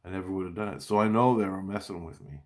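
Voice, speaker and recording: Low-voiced man, rambling and profane. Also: quick pace, darkish tone. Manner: profane, agitated storytelling with frequent restarts. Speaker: vlogger recounting a dream. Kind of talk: rambling casual monologue.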